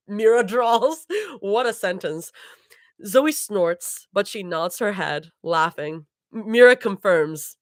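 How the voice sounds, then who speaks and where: A woman's voice: medium pitch, takes it slowly, dry recording. Woman reading fan fiction live, dry sound. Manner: laughs and stumbles over hard words.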